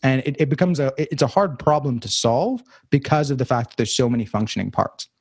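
A man's voice: medium pitch, a little fast, a little mellow, slightly rough, no echo, clean studio sound. A young man talking through his thoughts in a casual conversation, rambling and reflective with many fillers and restarts.

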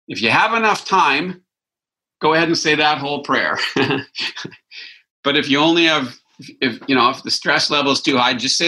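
A man's voice: medium pitch, animated, moderate pace, long pauses, pushed and bright, poor audio. A man giving an informal spiritual talk as a Christian teacher, reflective and conversational, thinking aloud as he goes.

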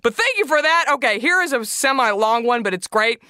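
A woman hosts a casual podcast with a sharp, bright voice that sits somewhat high. She talks playfully and throws in sudden bursts of emphasis. The sound is close and dry. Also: expressive, fairly quick, clean tone, no echo. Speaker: podcast host.

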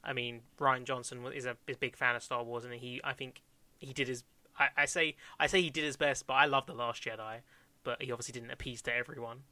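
Bright-voiced man rambling casually. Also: medium pitch, steady tone, quick pace, dry recording. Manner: rambling, many fillers and restarts, laughs often. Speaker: podcast co-host. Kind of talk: casual chat reviewing TV shows.

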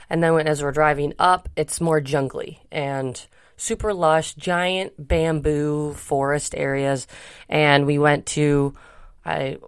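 A woman's voice: deep voice, gravelly, no echo, studio quality. A woman co-hosting a podcast, telling a travel story in a chatty, rambling way with many fillers. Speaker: podcast co-host. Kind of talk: casual chat.

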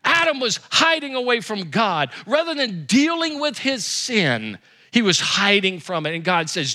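A man preaching a sermon as pastor, with emphatic repetition and quick rises and drops. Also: high-pitched, very animated, bright, forceful tone.

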